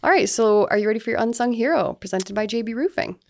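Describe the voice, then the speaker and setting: A woman's voice: a little high, animated, quick pace. A woman co-hosting a casual sports podcast, chatty and playful, asking questions and teasing her co-host.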